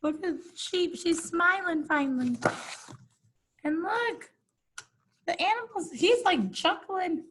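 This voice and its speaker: A woman's voice: extremely high pitch, animated, slow pace, pauses often, fairly bright tone, low-quality recording. A woman reading a picture book aloud, breaking in with casual, amused asides to her listeners. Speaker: storybook reader.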